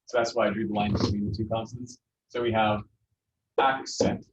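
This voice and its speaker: A man's voice: on the low side, level tone, quick pace. A man teaching a Spanish class, explaining patiently with many fillers and restarts. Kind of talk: classroom lesson. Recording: dull lo-fi classroom recording with faint noise.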